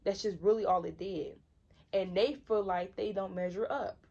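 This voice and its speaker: A woman's voice: medium pitch, steady tone, normal speed, darkish tone, slightly rough, dull audio. A woman in her twenties from Michigan giving a casual, slangy tarot reading, repeating herself for emphasis. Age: 20s. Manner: conversational, repetitive, slangy, emphatic. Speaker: tarot reader.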